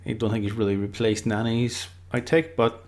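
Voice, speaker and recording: A man's voice: on the low side, little pitch movement, moderate pace, darkish tone. A man giving casual, unscripted football predictions, rambling loosely and leaning on lots of filler words. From Ireland.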